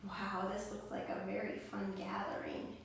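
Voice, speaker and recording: A woman, a preschool teacher and mother, reading a story aloud to children in a gentle, expressive way, at home indoors. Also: medium pitch, moderate pace, gravelly, slight background noise. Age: adult, mother. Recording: echoey room, mic far off.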